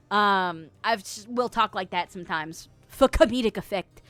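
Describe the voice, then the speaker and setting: A woman's voice: mid-range voice, measured pace, a bit bright, no room sound. A woman streamer chatting casually with her viewers, giggly and rambling, swearing freely and full of fillers. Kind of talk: casual livestream chat. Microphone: streaming mic.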